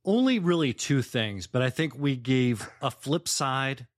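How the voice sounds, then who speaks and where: A man's voice: medium pitch, animated, a little slow. A man co-hosting a podcast in casual chat, blunt and dry in his humor. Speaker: podcast co-host.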